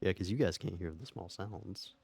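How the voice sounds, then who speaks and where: Male streamer, deep and gravelly, casual wry commentary over gameplay. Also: moderate pace, a little mellow, dry recording. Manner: joking, wry, laughs often.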